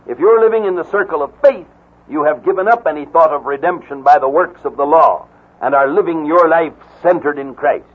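Male radio preacher with a husky, slightly high voice, slow and deliberate, phone-thin broadcast quality. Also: narrow, tinny audio. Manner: slow, deliberate, emphatic reading of scripture. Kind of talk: radio Bible teaching.

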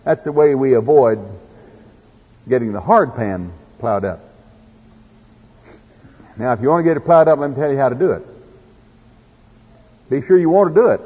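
A man's voice: mid-range voice, expressive, moderate pace, pauses often, dark tone, breathy edge. A man with an Oklahoma accent preaching a sermon in a folksy way, telling farm stories and reading scripture. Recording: echoey hall, dull lo-fi sound.

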